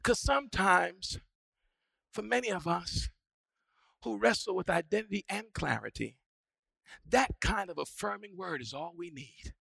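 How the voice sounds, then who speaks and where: A male pastor preaching a sermon, moving from quiet teaching to shouted, rising preaching and back down to near-whispers. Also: sits high, lively intonation, a little slow, vocal fry, slightly rough, no room sound.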